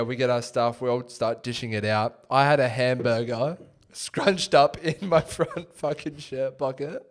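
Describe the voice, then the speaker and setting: Young man, Australian accent, podcast co-host, animated storytelling, laughs often, mid pitch. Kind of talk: casual chat.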